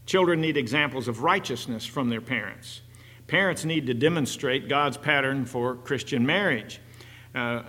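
A man preaching a sermon in an earnest, halting way, with frequent fillers. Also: on the high side, sharp tone. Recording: long hall reverb.

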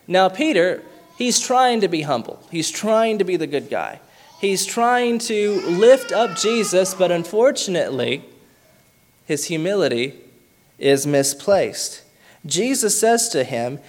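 Male pastor delivering a sermon, a touch higher than most men, earnest, leans on key words. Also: lively intonation. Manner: earnest preaching with slow emphatic stresses on key words.

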